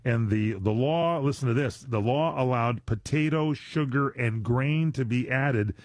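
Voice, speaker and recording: A male radio host talks into a studio mic in a loose, joking way and wanders off on tangents. The sound is dry and close, with no room echo. His pitch sits at an ordinary middle level. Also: measured pace. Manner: jokey, rambling, drifts into digressions. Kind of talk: casual live radio chat. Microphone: studio microphone.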